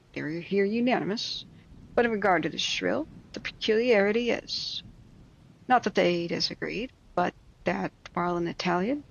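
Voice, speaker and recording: A woman reading a classic story aloud, breaking off for wry, mocking asides and quick explanations of old words. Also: on the low side, creaky, highs cut off. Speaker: reader.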